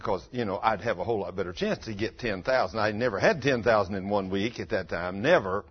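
An older man with a drawl delivers a homespun sermon, spinning stories and bursting into loud acted-out quotes. His voice is husky. The recording is dull and lo-fi. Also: fairly low pitch, a little fast. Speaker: preacher. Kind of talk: folksy sermon with storytelling. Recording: dull lo-fi sound.

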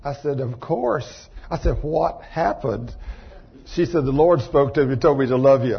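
A man preaches in a folksy, colloquial way, with lively storytelling. His voice sits a little high and has a husky edge. The recording is dull and lo-fi. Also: moderate pace. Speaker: pastor.

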